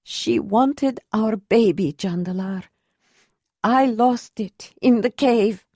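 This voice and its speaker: A woman reading the lines of a proud young woman who is hurt and hiding her pain, her delivery slow and controlled. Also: on the high side, dark tone, no echo, studio quality, pitched above the performer's own voice, natural voice. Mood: hurt, bitter. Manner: pained, bitter, controlled. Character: Ayla, young woman, wounded, proud, dignified. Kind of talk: audiobook character reading.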